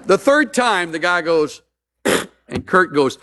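A man's voice: high voice, big pitch swings, slow pace, bright, forceful tone. A man preaching a sermon as a pastor, mixing humorous stories with earnest appeals.

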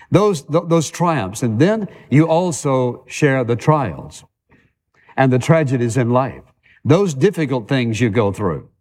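A man preaching a sermon with a mid-range voice, chatting to his congregation more than orating. He stacks repeated phrases, drags out the words he wants to land and rushes the lists between them. The sound carries a long reverb from a large sanctuary. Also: mid-range voice, darkish tone. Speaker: pastor. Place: church sanctuary.

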